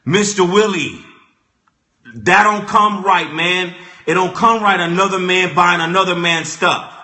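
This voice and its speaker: A young man telling a comic story as a vlogger, animated and repetitive, stumbling over restarts. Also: high voice, measured pace. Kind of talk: comedic storytelling rant. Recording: echoey room.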